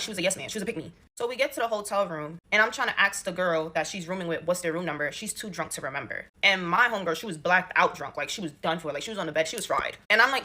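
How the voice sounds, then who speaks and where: A young woman spilling a story at a rapid clip, slangy and indignant. Her voice is bright and forward. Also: medium pitch. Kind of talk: casual storytime gossip.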